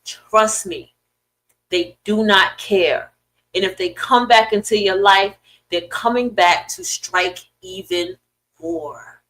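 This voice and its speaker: A middle-aged woman hosting a podcast, ranting in casual, profane commentary with sudden loud swings and a dry throat. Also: mid-range voice, slow pace, rough recording. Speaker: podcast host.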